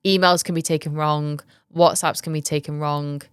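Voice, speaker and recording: A woman's voice: sits low, steady tone, normal speed, smooth, dry recording, studio quality. A young woman hosting a podcast, giving candid business advice in a chatty way, full of ums and likes. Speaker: podcast host. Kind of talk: casual advice chat.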